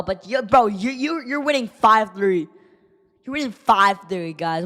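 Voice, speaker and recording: A woman streaming live hockey play-by-play, exasperated and ranting at the team, her voice going hoarse. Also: medium pitch, expressive, measured pace, a bit bright, long reverb tail. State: losing voice.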